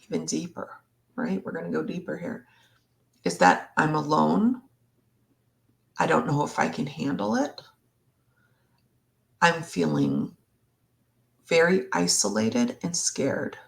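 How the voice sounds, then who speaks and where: A woman therapist in a live Q&A, speaking slowly and reflectively, sometimes acting out what a partner might say. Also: sits low, big pitch swings, gravelly. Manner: slow, reflective, acts out partner's words. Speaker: relationship therapist. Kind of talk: live Q&A discussion.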